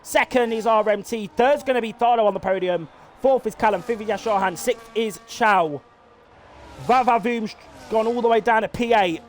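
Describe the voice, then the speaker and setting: A man giving live play-by-play commentary on a sim race, excitable and swearing freely as he calls the action. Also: high voice, normal speed, slight background noise.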